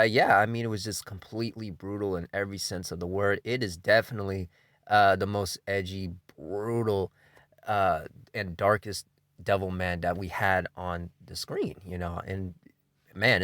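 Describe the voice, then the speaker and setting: A man with a lowish voice talks through an anime countdown as casual spoken commentary. He sounds laid-back and enthusiastic, swears freely, and leans on fillers like um and you know. The sound is dry and close, with no room echo. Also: fairly bright tone. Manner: loose delivery full of fillers like um and you know. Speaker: anime reviewer hosting a countdown list.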